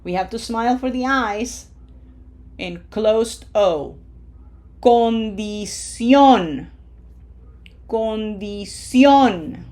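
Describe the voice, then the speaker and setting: A woman teaching a Spanish pronunciation lesson, modeling each word slowly and clearly and coaching learners with encouraging asides. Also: fairly high pitch, a little mellow. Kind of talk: language lesson.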